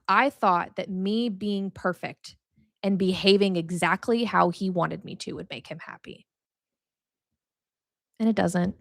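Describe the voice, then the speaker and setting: A woman's voice: mid-range voice, vocal fry, a bit bright, no echo, studio quality. A young woman hosting a podcast, teaching about faith in a casual, chatty way, laughing often and filling her talk with "like". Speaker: podcast host.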